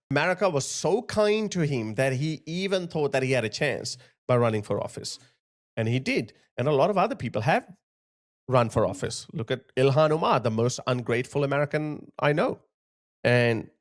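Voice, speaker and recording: A man giving impassioned video commentary, emphatic and indignant, driving his points home by repeating phrases. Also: mid-range voice. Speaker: political commentator.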